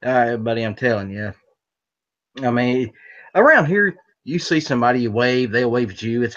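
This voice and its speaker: A man's voice: mid-range voice, expressive, moderate pace, a bit bright. A man hosting a casual chat, blunt and opinionated with grouchy humor. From American South. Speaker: host. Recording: dull lo-fi audio.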